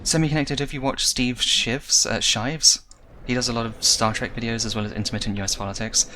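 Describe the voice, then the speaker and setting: A young man talks over his live gameplay, venting and cursing in frustration. His voice sits at an ordinary middle pitch. A steady noise runs behind him on the recording. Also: fairly quick. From Britain. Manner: ranting, frustrated, swears often. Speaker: streamer.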